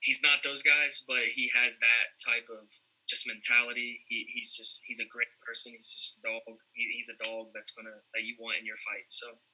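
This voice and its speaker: Very bright-voiced casual podcast man. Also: medium pitch, moderate pace, hardly any pauses, poor audio. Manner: hesitant, many fillers and restarts, excited bursts. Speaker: podcast co-host. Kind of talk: casual sports chat.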